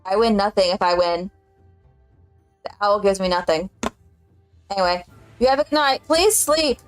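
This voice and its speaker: A woman's voice: medium pitch, normal speed, soft background music. A woman, telling a story in casual chat as a streamer and laughing often.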